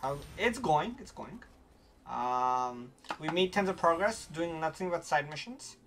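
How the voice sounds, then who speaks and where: A woman streamer gives casual play-by-play to her chat, with a pitch that jumps up and down. Faint hiss sits behind her voice. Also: expressive, a little slow. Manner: chatty, reacts loudly to the game. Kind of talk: casual gameplay commentary.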